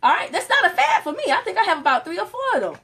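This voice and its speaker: A chatty, animated woman, hosting a casual Facebook Live and laughing often as she talks to viewers. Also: very high-pitched, very fast, background noise. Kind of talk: casual live-stream talk.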